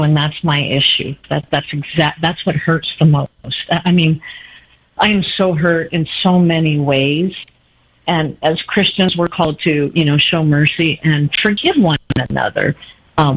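A woman calling in to an advice show, sounding hurt and halting, often restarting her words. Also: deep voice, husky. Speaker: caller. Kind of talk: phone-in advice call. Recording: dull lo-fi phone line.

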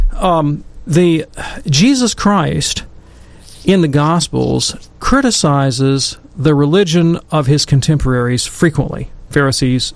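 Middle-aged man, gravelly and fairly high, animated storyteller in a dry room, for a faith talk show. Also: dry recording. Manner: animated storyteller who acts out quotes. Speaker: Catholic commentator on scripture. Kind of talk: casual storytelling and commentary.

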